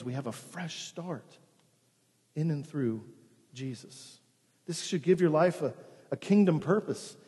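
A male pastor preaching a sermon, earnest, often dropping to a hushed, slow emphasis. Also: on the high side, slightly rough, in a large hall.

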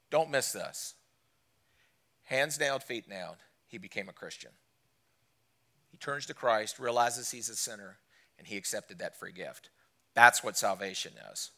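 A man preaching a sermon to a church congregation, asking them direct questions and swinging between loud emphatic lines and quiet low drops. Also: moderate pace. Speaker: guest preacher. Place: church service.

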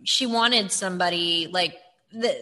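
A woman co-hosting a casual chat, animated and talking in quick bursts with many restarts. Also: lowish voice. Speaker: podcast co-host. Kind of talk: casual chat about reality TV.

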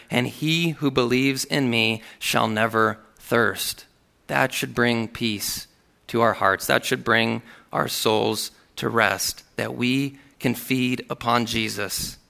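Man preaching, gravelly voice, bright tone, earnest scripture reading. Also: mid-range voice. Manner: earnest, reads scripture aloud with emphasis. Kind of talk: sermon.

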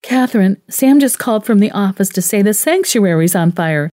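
A woman narrator voicing an urgent, sympathetic woman friend who sounds hurried and apologetic. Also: medium pitch, expressive, mellow, no room sound, clean studio sound, pitched above the performer's own voice, close to an everyday voice.

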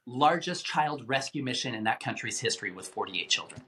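A man telling a tense story as an interview guest, animated and given to repeating words as he talks. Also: medium pitch, fairly quick. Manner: animated, acts out quoted voices, repeats words.

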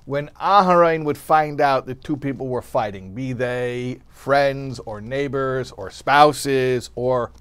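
A man's voice: medium pitch, slow pace, few pauses, a bit bright, clear, resonant tone, dry recording. A man giving a weekly Torah lesson who reads Hebrew verses and then translates them. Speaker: Torah teacher.

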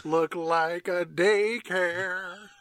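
A man voicing a defiant old farmer who makes slow, gruff declarations, as a comic bit on a podcast. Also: sits high, steady tone, fairly bright tone, no room sound, exaggerated voice.

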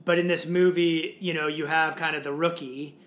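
A man's voice: a little high, flat delivery, moderate pace, a bit bright, slight background noise. A man in his forties, co-hosting a podcast in casual chat, rambling with many fillers and restarts. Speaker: podcast co-host.

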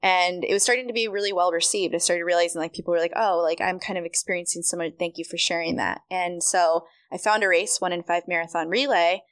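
A young woman with a fairly low voice tells her own story as a podcast guest, chatty and animated, acting out what people said to her. The recording is dry and close, with no room sound. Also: fast talker, hardly any pauses, dry recording. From Michigan, USA. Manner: chatty, animated, acts out quoted dialogue. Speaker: podcast guest, running coach. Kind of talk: casual storytelling interview.

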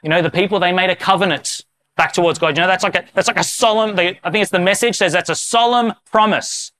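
Smooth-voiced male pastor preaching. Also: high-pitched, steady tone, pushed and bright. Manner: casual, self-deprecating preaching; slow, solemn liturgical reading. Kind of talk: sermon with led prayer.

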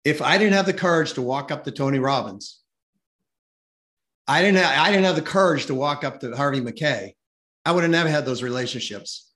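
A middle-aged man speaks in a somewhat high voice as an energetic podcast guest. He tells anecdotes with animated pacing, slips into the voices of the people in his stories, and chuckles along the way. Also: brisk. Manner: lively, acts out quoted voices, chuckles while telling. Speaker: podcast guest, sales expert. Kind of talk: animated conversational storytelling.

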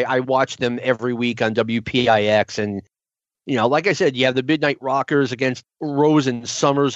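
A man hosting a podcast in a chatty, rambling storytelling way, his voice a bit hoarse from losing it. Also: mid-range voice, no room sound, highs cut off. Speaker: podcast host. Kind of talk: casual podcast chat.

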